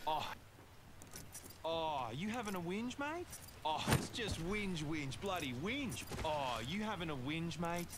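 A man's voice: on the high side, animated, takes it slowly, long pauses, noisy background. A man chanting a mocking sing-song taunt at someone for whingeing.

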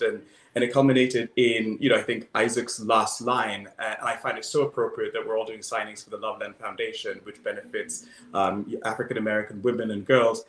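A man's voice: fairly low pitch, level tone, brisk, few pauses, a bit bright, reverberant. A man, a voice actor guest on a panel, earnestly telling a reflective story and quoting lines. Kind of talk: panel Q&A answer.

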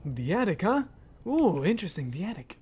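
A man's voice: high voice, big pitch swings, a little fast, warm tone, breathy edge. Jumpy young man playing a horror game. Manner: jumpy, swears and screams when startled. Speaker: gaming channel host.

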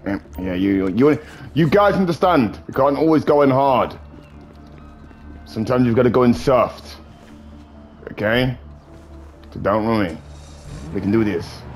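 A man casually commentating his gameplay, joking, swearing and bantering with viewers. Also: lowish voice. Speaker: gaming streamer.

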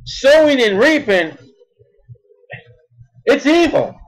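A man preaching a sermon in an emphatic style, repeating words and swinging between loud bursts and soft asides. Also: very high voice, sing-song, slow, low-quality recording.

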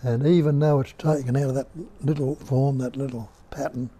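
An older man with an Australian accent, giving a slow, musing spiritual talk at home and putting rhetorical questions to his listeners. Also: medium pitch, fairly even intonation, mellow, breathy edge. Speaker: spiritual teacher. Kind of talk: unhurried nondual teaching talk. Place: indoor room at home.

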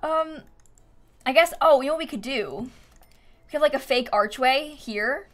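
A woman with a high, fairly bright voice live-streams a life-sim game at an unhurried pace. She chats casually, thinks aloud while building, and thanks viewers by name, giggling often.

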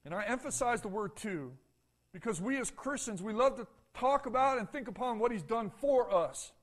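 High-voiced pastor preaching emphatically. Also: male voice, expressive, moderate pace. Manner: emphatic, asks the congregation rhetorical questions and repeats phrases. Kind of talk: sermon. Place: church sanctuary.

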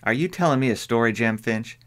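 A man's voice: medium pitch, lively intonation, fairly quick, a bit bright, lightly acted. A man voicing a stern older woman housekeeper, speaking urgently and emphatically. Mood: suspicious.

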